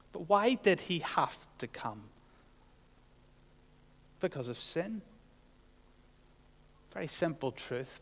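Earnest male preacher in a reverberant hall. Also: fairly high pitch. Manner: earnest, swings from loud proclamation to soft near-whisper. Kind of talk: sermon.

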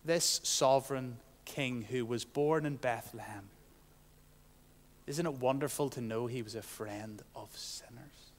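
A man preaching a sermon, earnest, swinging from loud proclamation to soft, hushed asides. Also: mid-range voice, measured pace, in a large hall.

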